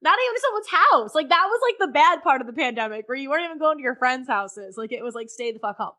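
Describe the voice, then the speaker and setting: A woman's voice: high-pitched, expressive, fast talker, sharp tone. A woman guest on a podcast, frankly telling a personal story in conversation and swearing freely.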